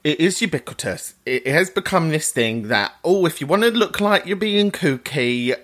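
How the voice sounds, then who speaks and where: An animated man hosting a chatty podcast. His pitch swoops up and down as he reacts to voicemails with mock outrage, and he often breaks into laughter. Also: normal speed. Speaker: podcast host reading voicemails. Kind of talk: casual chat.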